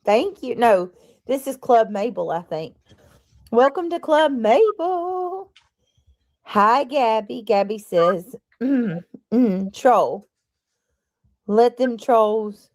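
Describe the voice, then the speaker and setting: A woman's voice: fairly high pitch, very animated, slow pace, darkish tone. A woman hosting a livestream, chatting casually and reading out her viewers' comments as she greets them. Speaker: livestream host.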